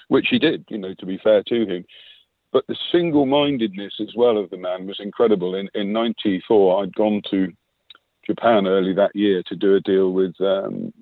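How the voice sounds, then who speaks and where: A man's voice: deep voice, steady tone, brisk, no echo. Man telling anecdotes down a phone line. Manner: reflective, storytelling with quoted dialogue and fillers. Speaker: interview guest, former sponsorship manager. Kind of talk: anecdotal interview answer. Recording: dry tinny phone-line sound.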